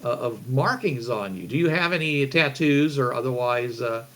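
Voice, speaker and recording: A man's voice: mid-range voice, lively intonation, moderate pace, fairly bright tone. Rambling male game master. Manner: rambling, many fillers and restarts. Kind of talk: narrating a tabletop game.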